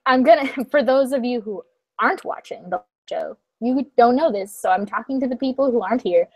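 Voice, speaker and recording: Young woman host, high pitch, dry close sound, animated and swearing casual chat. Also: brisk, no room sound. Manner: animated storytelling, frequent swearing. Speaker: channel host.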